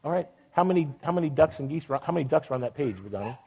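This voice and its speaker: Older man, high voice, children's sermon, picture book reading, playful, teasing. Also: expressive, very fast, gravelly, mellow.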